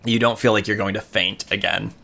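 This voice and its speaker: A man narrating as game master of a tabletop game, casual and halting, with many fillers. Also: lowish voice, steady tone, creaky, sharp tone, a little hiss or hum.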